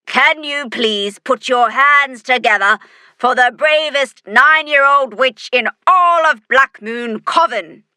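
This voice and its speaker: A woman's voice: slow, no echo, studio quality, natural voice. Carmen, growly monster mayor, voiced by a woman. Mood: formal. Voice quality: low, growly. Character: low growly female monster mayor, kindly.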